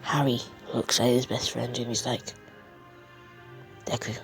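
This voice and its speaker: A man's voice: mid-range voice, level tone, moderate pace, gravelly, soft background music, poor audio. A man improvising a fan story as a storyteller, rambling and often dropping to a whisper. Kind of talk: improvised fan-fiction narration.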